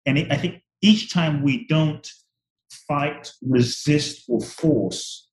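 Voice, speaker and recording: A man in his forties talking slowly and reflectively about the ego in a spiritual conversation, often repeating words as he thinks. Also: on the high side, roomy sound, rough recording. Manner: slow, searching, repeats words while thinking.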